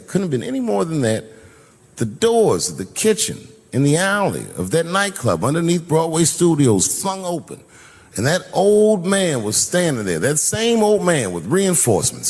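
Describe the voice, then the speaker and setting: A middle-aged male comedian spinning a long stand-up story, full of cursing and vivid swings in pitch. His voice is a bit husky. A long reverb carries it through the venue. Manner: profane, animated storytelling.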